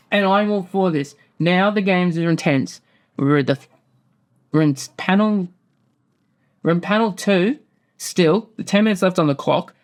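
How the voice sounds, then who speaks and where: A man with a high voice recaps loosely as host. He rambles, swears freely and slips into quick acted-out quotes. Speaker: podcast host. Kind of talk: casual profane recap.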